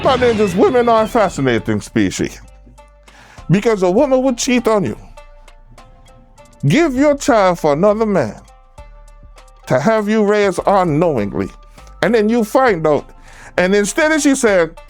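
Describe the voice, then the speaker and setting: A male commentary host speaks straight to his audience, preachy and direct. His pitch swings widely from line to line. Faint music sits under his voice. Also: big pitch swings, measured pace, pauses often. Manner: preachy, addressing viewers directly. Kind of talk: reaction commentary.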